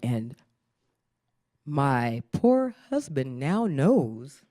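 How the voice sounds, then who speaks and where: A woman's voice: very deep voice, drawn-out words. A middle-aged woman doing a stand-up comedy routine, telling stories animatedly and laughing often. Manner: animated storytelling, acts out voices, laughs often. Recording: live show with audience behind.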